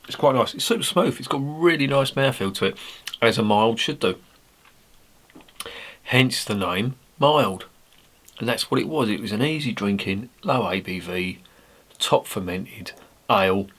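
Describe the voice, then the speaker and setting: Man, 50s, lowish voice, casual, sweary, rambling beer reviewer. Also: a bit bright. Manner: rambling, sweary, blunt banter.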